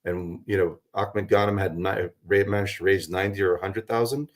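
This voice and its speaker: A man's voice: low-pitched, steady tone, fairly quick. A man who is a guest on a talk radio show, his voice worn out, giving a meandering, hesitant debrief with many fillers. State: voice worn from a long night. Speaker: guest, local political organizer. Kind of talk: radio interview, recapping events.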